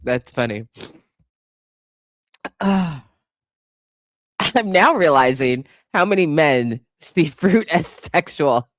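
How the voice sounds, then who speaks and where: A young woman chatting on a livestream, reacting to her viewers with frequent laughter and playful swearing. Her pitch swings widely while her delivery stays slow and loose. The sound is close and dry. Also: animated, no echo. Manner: laughs often, reacts playfully to chat guesses; swears casually, teasing. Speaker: livestream host reading chat. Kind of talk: casual livestream chat.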